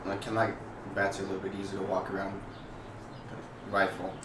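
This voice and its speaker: A man's voice: low-pitched, completely flat delivery, fairly quick. A man playing a tabletop role-playing game, casual and joking. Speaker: player. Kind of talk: tabletop role-play chat. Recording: distant, roomy, noisy room.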